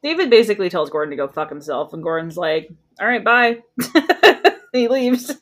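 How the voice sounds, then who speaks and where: A woman's voice: lowish voice, big pitch swings, normal speed. A woman co-hosting a casual podcast, recapping a show in a breezy, sarcastic way with swearing. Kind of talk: casual chat.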